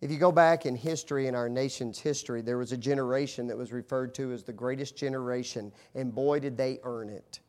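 A middle-aged pastor, a man, preaching with animated storytelling that swings from hushed to loud. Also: medium pitch, brisk, few pauses. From United States. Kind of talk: sermon.

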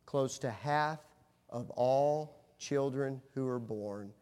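A middle-aged pastor, a man, preaching with animated storytelling that swings from hushed to loud. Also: mid-range voice, takes it slowly, clear, resonant tone. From United States. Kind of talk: sermon.

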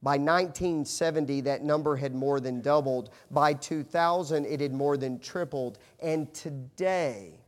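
A middle-aged pastor, a man, preaching with animated storytelling that swings from hushed to loud. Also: on the high side, normal speed, few pauses. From United States. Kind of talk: sermon.

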